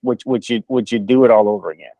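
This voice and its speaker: A man's voice: lowish voice, fast talker, dark tone, a little hiss or hum, poor audio. A man on a group video call asking a question hesitantly, repeating himself as he goes.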